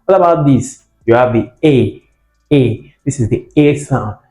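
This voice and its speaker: A man's voice: mid-range voice, lively intonation, moderate pace, mellow. A man teaching vowel sounds for exam prep, who repeats each sound and word for practice and checks on the viewer. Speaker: English teacher. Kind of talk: exam-prep phonetics lesson. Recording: roomy echo with faint music.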